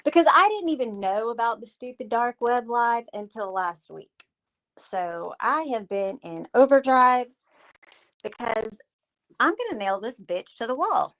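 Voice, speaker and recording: Slow, mocking woman streamer. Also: fairly high pitch, animated, fairly bright tone, low-quality recording. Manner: mocking, sarcastic, addresses a rival directly. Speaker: livestream host. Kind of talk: ranting commentary livestream. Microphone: streaming mic.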